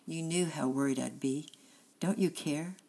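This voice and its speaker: A woman's voice: a little slow, mellow, breathy edge, exaggerated voice. A woman reading aloud as a tearful, angry mother who snaps at her young son. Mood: angry scolding. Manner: shrill scolding. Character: stern, anxious working-class mother, tearful and sharp.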